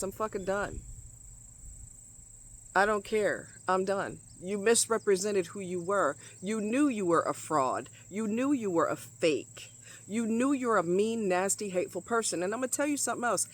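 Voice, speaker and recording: A middle-aged woman vlogging outdoors, venting bluntly with heavy swearing and emphatic repetition. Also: medium pitch. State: sweating in the heat. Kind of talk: outdoor vlog rant. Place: outdoors in hot muggy nature.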